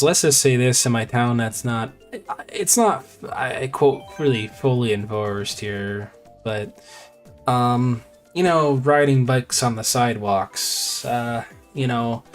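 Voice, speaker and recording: A man streaming a game who tells a story in a rambling, casual way, full of fillers and repeated phrases. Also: medium pitch.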